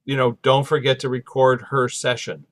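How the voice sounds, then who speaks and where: Telling a story in a relaxed podcast chat, the male host animates his quotes by acting out each person's voice. His pitch is medium and his pace moderate.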